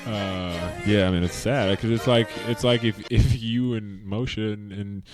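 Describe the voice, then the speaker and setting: A man's voice: fairly low pitch, steady tone, unhurried, music in the background. A young man, a basketball player guest, telling stories in a laid-back podcast chat full of fillers.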